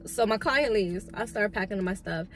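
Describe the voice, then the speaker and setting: A young adult woman and lash artist telling a storytime with a calm, chatty delivery full of "like". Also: mid-range voice, moderate pace. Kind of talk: casual storytime.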